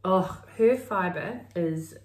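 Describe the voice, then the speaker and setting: A woman's voice: lowish voice, very slow. A middle-aged New Zealand woman co-hosting a crafting podcast, chatting in a meandering way and thinking aloud. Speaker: podcast co-host. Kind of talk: casual crafting chat. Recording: roomy, mic at a distance.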